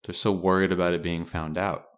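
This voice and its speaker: Man, very deep voice, casual book chat, wry remarks, brief replies. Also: level tone, a little fast, smooth. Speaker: podcast co-host discussing a book.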